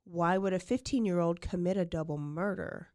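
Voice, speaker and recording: A woman's voice: lowish voice, moderate pace, darkish tone, no room sound, clean studio sound. A woman hosting a podcast, casually retelling a true-crime case and saying "like" often. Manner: chatty, fills with "like" often. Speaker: podcast host.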